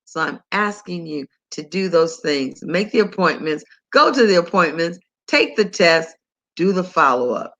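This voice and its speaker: An older woman hosting a health talk, telling a story in a chatty, animated, conversational way. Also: on the low side, unhurried, lo-fi sound. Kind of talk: casual monologue to listeners.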